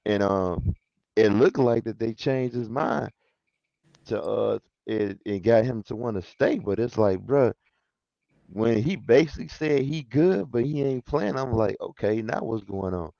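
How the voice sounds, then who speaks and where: A man's voice: medium pitch, expressive, a little slow, creaky, warm tone, no echo, highs cut off. A man in a casual basketball chat, slangy, calling people fam and bro.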